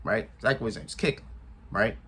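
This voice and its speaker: A man's voice: lowish voice, fast talker, pushed and bright, breathy edge. A man recapping a wrestling show in casual commentary, retelling events with animation, acting out what people said and laughing often.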